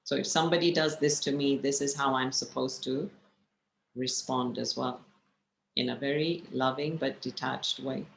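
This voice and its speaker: A woman's voice: a bass voice, fairly even intonation, normal speed, vocal fry. Woman, spiritual teacher, storytelling talk, reflective, rhetorical questions, echoey room, faint hiss.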